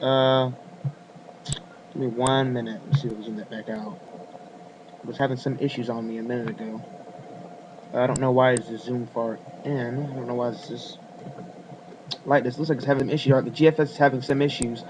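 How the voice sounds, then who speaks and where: A man's voice: mid-range voice, fairly even intonation, a little fast, long pauses, background noise. A man giving a casual weather forecast video, rambling with fillers and apologies as he works the screen.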